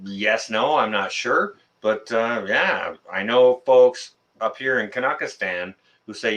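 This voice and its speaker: Man, bright forceful tone, teasing, casual stream host. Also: lowish voice, animated, slow pace, few pauses. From Canada. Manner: joking, teasing banter. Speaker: channel host. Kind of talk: casual live-stream chat.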